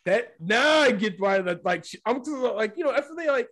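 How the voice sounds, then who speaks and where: A man's voice: extremely high pitch, animated, brisk, a bit bright. A man co-hosting a podcast, chatting casually and rambling with frequent "right?" asides. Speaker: podcast co-host. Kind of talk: casual chat.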